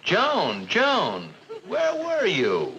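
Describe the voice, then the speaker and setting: An actor playing a flustered middle-aged judge husband in a 1950s TV sitcom, stammering through many hesitations. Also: male voice, sits high, wildly swooping pitch, very slow, muffled recording, exaggerated voice. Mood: calling. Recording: old TV soundtrack with studio audience laughter and hiss.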